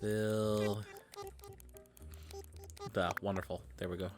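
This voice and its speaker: A fairly low-pitched man speaks slowly with little pitch movement over music as he plays. Tired and yawning, this streamer mutters his commentary, swears casually now and then, and his loudness drifts up and down.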